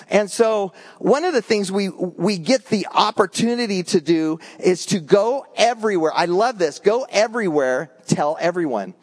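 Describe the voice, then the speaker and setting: Animated middle-aged male pastor, slightly high. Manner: animated, conversational preaching with quick asides. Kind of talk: sermon.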